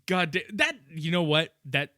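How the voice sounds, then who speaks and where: A male podcast host in casual chat, animated and profane, laughing often as he recaps a movie. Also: a little high, measured pace, dry recording, studio quality.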